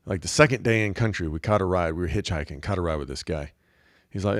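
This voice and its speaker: A man's voice: fairly low pitch, lively intonation, fast talker, no room sound, clean studio sound. A middle-aged man hosting a show in a rambling, joking monologue. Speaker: podcast host. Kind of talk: casual comedic monologue.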